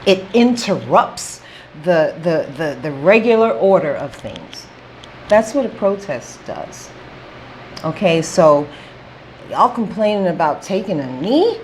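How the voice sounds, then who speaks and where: A woman's voice: lowish voice, sing-song, takes it slowly, darkish tone, slight background noise, rough recording. A woman talking straight to camera in a casual opinion vlog, emphatic and repetitive, checking in with "okay?". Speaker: vlogger.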